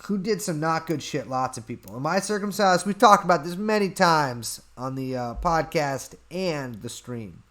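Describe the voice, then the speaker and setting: A man on a casual livestream, answering viewer questions in an offhand, deadpan manner. His voice sits a little high for a man. He talks close into a desktop mic, sounding like he is at home. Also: normal speed, few pauses. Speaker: podcast host answering chat.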